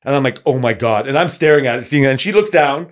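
A man's voice: fairly high pitch, lively intonation, very fast. A middle-aged man with a slightly raised voice rambles through an embarrassing story in casual podcast chat. He swears freely and laughs his way through it, circling back and restarting. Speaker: podcast co-host.

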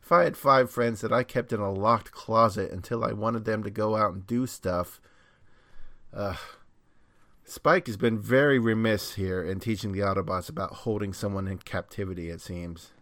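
A man's voice: fairly low pitch, normal speed, a bit bright, no echo, clean studio sound. A man co-hosting a podcast, recapping an episode in a casual, wry way. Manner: wry, narrates plot in detail. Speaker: podcast co-host.

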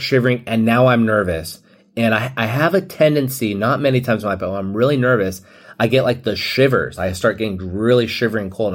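A man hosting a podcast, telling a long personal story in a casual, rambling way with many fillers. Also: lowish voice. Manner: rambling, filler-heavy, quotes others. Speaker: podcast host.

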